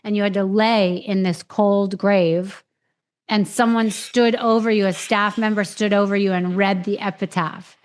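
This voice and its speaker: A woman's voice: mid-range voice, steady tone, a little slow, clean tone. A woman podcast host frankly recounting her own experiences, swearing freely and acting out what others said to her. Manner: frank, swears freely, retells with quoted voices. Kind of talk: candid personal storytelling.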